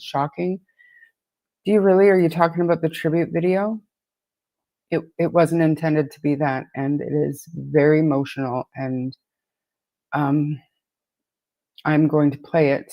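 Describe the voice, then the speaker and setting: A woman's voice: deep voice, darkish tone, dry recording. A woman from Atlantic Canada hosts a true crime stream. She has a sore, swollen throat and chats casually, greeting viewers in a rush with many restarts. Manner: chatty, rapid greetings, frequent restarts. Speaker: true crime podcast host. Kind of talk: casual livestream chat with viewers.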